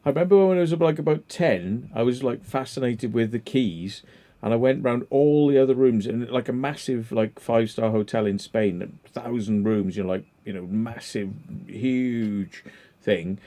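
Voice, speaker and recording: Rambling man with a dark voice. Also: mid-range voice, moderate pace. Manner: rambling storyteller, many fillers. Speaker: livestream host. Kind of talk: casual chat.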